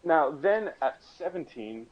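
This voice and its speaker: A man's voice: on the high side, lively intonation, a little slow, husky, muffled recording. A young man on a casual podcast chat, telling a story in a joking, rambling way and restarting his sentences. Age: young adult.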